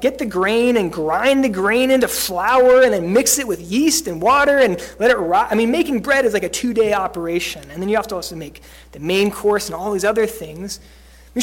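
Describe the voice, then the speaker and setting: A preacher giving a sermon in a conversational way, using many fillers and acting out quoted lines. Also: medium pitch.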